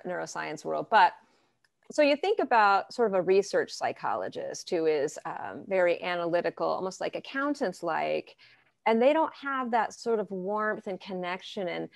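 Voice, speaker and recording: A woman therapist answering interview questions in a lively, conversational way, acting out what clients say. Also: on the low side, creaky, dry recording, studio quality. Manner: lively, acts out clients' arguments in quotes. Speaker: therapist guest.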